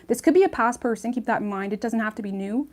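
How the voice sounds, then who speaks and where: A woman's voice: on the high side, fast talker. A woman giving a casual tarot reading to her viewers, chatty and reassuring, often checking in with "okay?" and "right?". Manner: chatty, reassuring, many ums and okays. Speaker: tarot reader.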